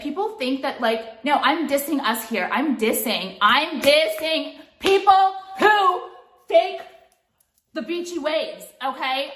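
In this ranting vlog, the makeup vlogger's high voice sounds pushed and bright against a reverberant room. She is exasperated and profane at home, leaning on "like" in nearly every sentence.

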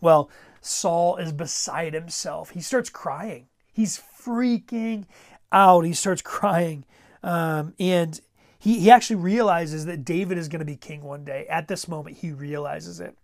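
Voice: mid-range voice, measured pace. A pastor preaching a sermon in a conversational way, repeating words and pressing urgent exhortations.

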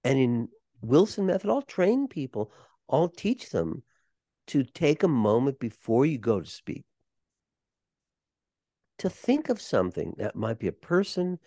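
A man's voice: medium pitch, no room sound, studio quality. An older man, a performer and voice coach, telling stories as a guest on an interview podcast. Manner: animated, warm anecdote telling. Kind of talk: conversational interview storytelling.

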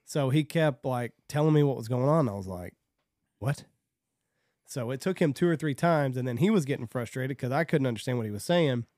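Co-host, rambling chatter, dry close mic. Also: male voice, medium pitch, expressive, a little fast, a little mellow, no echo. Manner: loose, rambling storyteller. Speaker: podcast co-host. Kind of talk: casual chat.

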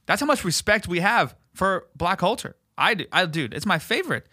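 A young man with a bright, forceful voice talks loosely and crudely, swearing as he tells a story. He slips into other people's voices for effect. The sound is dry and close, with almost no room. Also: high voice, sing-song, brisk, dry recording. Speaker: podcast host. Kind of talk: casual storytelling chat.

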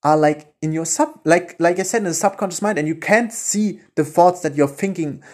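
German guy doing a solo motivation podcast, mellow warm voice, excited, swears a lot, gets quiet and dreamy. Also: on the high side, moderate pace. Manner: enthusiastic, swears casually, drops to a hushed voice while visualizing. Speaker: podcast host. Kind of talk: motivational monologue with guided visualization.

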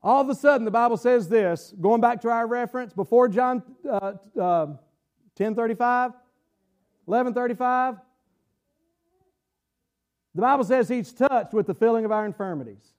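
High-voiced preacher. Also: male voice, moderate pace, long pauses. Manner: animated preaching, drawls and stretches words, asks the congregation questions. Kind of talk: sermon. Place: church sanctuary.

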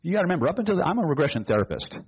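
A hypnosis and NLP trainer leads a live seminar for a room of students, telling a story and voicing both sides of its dialogue. His slightly high, husky voice swings widely in pitch and comes rapid-fire, with the highs cut off.

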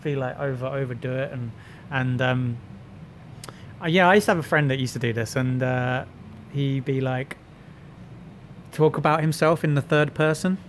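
Man, casual podcast chat, rambling with fillers, mid pitch, faint hiss behind. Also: moderate pace, pauses often. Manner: rambling, filler-heavy, drops into mock-boastful asides.

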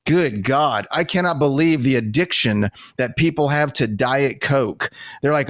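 Man, podcast host, blunt, exasperated, cursing, slightly high voice, dry close sound. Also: expressive, normal speed, no echo. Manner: blunt, exasperated, swears freely. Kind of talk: casual podcast talk. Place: home podcast studio.

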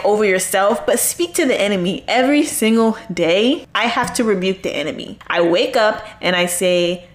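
A woman hosting a faith podcast who gives an earnest, conversational testimony and urges listeners on. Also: mid-range voice. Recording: echoey room.

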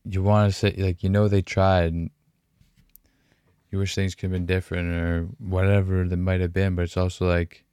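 A deep, smooth-voiced young man hosts a podcast in a dry, close-sounding room. He speaks in halting, emotional bursts, swearing and restarting his sentences, often sighing between thoughts. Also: flat delivery, darkish tone, no echo. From Canada. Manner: halting, profane, full of fillers and restarts. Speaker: podcast host. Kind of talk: candid emotional podcast talk.

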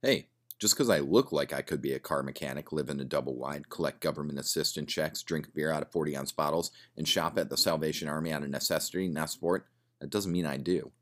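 A man's voice: very deep voice, fairly quick, fairly bright tone. A man voicing a cynical, sardonic man drinking in a bar, swearing and rambling.

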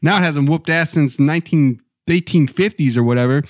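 A man's voice: fairly high pitch, a little fast, no room sound, clean studio sound. A young man co-hosting a podcast, riffing in profane bursts and laughing often. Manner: profane, laughing, animated riffs. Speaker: podcast co-host. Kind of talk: crude comedic rant.

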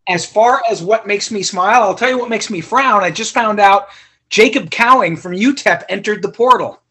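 A man's voice: high-pitched, moderate pace, sharp tone, husky. A man from Ohio co-hosting a casual sports podcast, dry and matter-of-fact with small hesitations. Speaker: podcast co-host.

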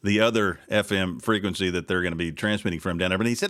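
A man's voice: deep voice, fast talker, few pauses, fairly bright tone. A man hosting local talk radio, venting in an exasperated, sarcastic ramble. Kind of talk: casual talk radio monologue.

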